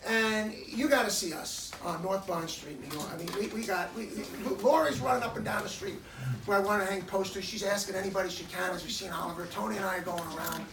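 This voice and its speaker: A man's voice: high voice, quick pace, vocal fry, reverberant, distant mic, noisy background. A man giving emotional remarks at a community gathering, telling a personal story and acting out the dialogue in it. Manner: animated, acts out quoted dialogue. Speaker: dog owner giving remarks. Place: hair salon gathering, indoors. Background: crowd of listeners.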